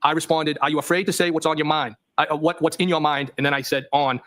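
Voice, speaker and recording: A man's voice: on the high side, fairly even intonation, fast, a bit bright. A man testifying as a witness in a courtroom, reading text messages aloud and naming each punctuation mark. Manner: reads plainly, voicing punctuation marks. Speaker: trial witness.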